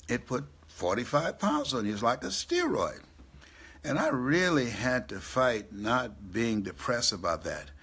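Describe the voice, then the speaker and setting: A man's voice: medium pitch, fairly bright tone, husky. A man in his seventies giving a live motivational speech on stage, telling stories and laughing at his own jokes. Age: 70s. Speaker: motivational speaker. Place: on stage before a live audience.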